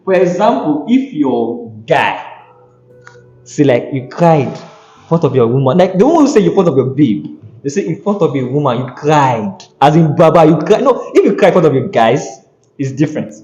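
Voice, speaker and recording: A man hosting a podcast, chatting casually and interjecting in a lively way. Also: fairly high pitch, moderate pace, a little hiss or hum. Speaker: podcast host. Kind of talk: casual chat. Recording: dull echoey room sound.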